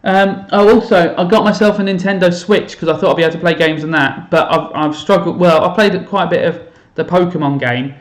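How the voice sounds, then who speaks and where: A man's voice: high-pitched, fairly even intonation, a little fast, few pauses, echoey room. A man chatting casually on a live stream while playing a game, self-mocking and thinking aloud to his viewers. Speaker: teacher streaming to students. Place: home room.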